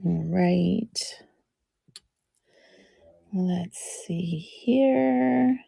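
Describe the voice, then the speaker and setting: A woman hosting a live jewelry auction stream, chatting in a relaxed way as she describes each piece, with many ums. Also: fairly low pitch, extremely slow, gravelly, long pauses, breathy edge, dry recording.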